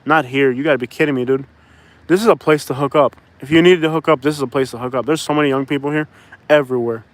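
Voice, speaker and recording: A man's voice: mid-range voice, fast, no room sound. A man from Miami chatting casually and jokingly to his viewers, rambling from one thought to the next. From Miami, Florida. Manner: loose, joking, addresses viewers as y'all. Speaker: vlogger. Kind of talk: casual rambling chat to camera.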